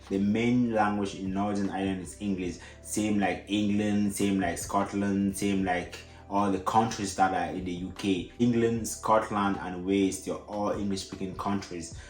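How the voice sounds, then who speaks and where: Man, African accent, low voice, casual vlogger, filler-heavy explaining, roomy echo. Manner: casual, repeats himself, many fillers.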